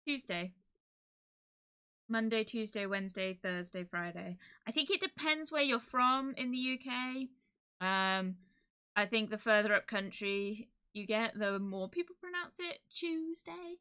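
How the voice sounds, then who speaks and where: A woman's voice: on the high side, expressive, unhurried, sharp tone, clear, resonant tone. A woman from Cornwall chatting casually and giggling while streaming a game. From Cornwall, England. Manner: giggly, playful.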